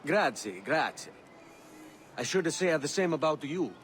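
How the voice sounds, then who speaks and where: A man's voice: on the high side, sing-song, measured pace, a bit bright, a little hiss or hum. An actor playing a flamboyant Italian nobleman in a video game, with an exaggerated put-on Italian accent. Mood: gracious. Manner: exaggerated, trying very hard.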